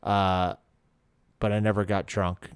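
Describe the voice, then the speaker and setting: Young man, smooth clear voice. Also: low-pitched, level tone, slow, dry recording, clean studio sound. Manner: self-deprecating, laughs at himself. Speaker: podcast co-host. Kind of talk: casual podcast chat.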